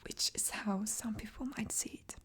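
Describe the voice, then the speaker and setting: A woman voicing a laid-back young male fiancé in whispered role-play, with a soft unvoiced whisper, deepened and reassuring. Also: flat delivery, moderate pace, slightly rough. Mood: earnest.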